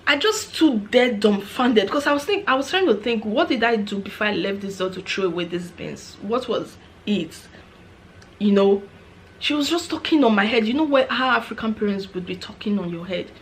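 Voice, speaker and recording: Brief: frank Nigerian woman, casual storytelling vlog, chatty and animated. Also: mid-range voice, normal speed, slight background noise. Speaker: vlogger, former care assistant.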